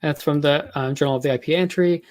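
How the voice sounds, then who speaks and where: A man's voice: a little high, darkish tone. Man giving an academic lecture. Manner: measured, explanatory, frequent ums and uhs. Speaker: linguistics lecturer.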